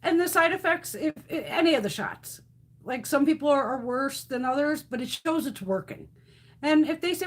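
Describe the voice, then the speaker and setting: A woman's voice: high voice, brisk, husky. A woman in her fifties chatting casually on a live stream, blunt and profane, telling stories with lots of animation. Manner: blunt, swears freely, animated storytelling.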